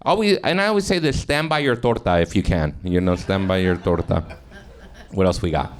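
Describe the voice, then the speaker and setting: On a comedy club stage, a Mexican-American man with a low, expressive voice improvises stand-up from audience suggestions at a brisk pace. Profane and self-mocking, he laughs at his own jokes while bantering with the crowd, and the live recording carries noise.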